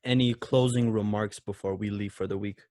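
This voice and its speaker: A man co-hosting a casual movie podcast speaks in a lowish, darkish voice with fairly even intonation and a moderate pace. The recording is studio quality with no room sound; he laughs often and acts out quotes in shifting voices.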